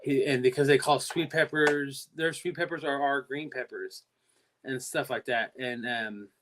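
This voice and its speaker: A man's voice: mid-range voice, fairly even intonation, a little slow, fairly bright tone. A man from California with a Californian accent, chatting casually on his own livestream and rambling through long stories with many repeats. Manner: rambling, repeats himself and trails off. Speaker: livestream host. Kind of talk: casual live-stream chat.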